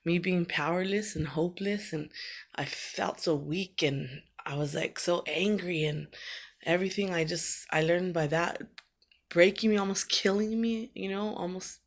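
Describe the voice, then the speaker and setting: A woman's voice: lowish voice, unhurried. A middle-aged woman recording a personal video message to her absent son, talking in a rambling, heartfelt way with lots of fillers.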